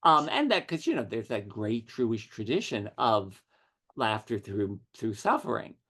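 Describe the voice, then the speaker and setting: A man's voice: lowish voice, breathy edge. A middle-aged man, a writer, telling witty anecdotes as an interview guest. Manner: witty, animated storytelling with quick asides. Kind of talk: conversational anecdotes.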